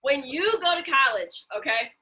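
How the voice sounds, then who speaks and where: A woman's voice: sits high, animated, moderate pace, sharp tone. A young woman from Central Illinois co-hosting a podcast over a video call, chatting casually and swearing freely as she gives blunt advice. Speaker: podcast co-host. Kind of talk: casual chat.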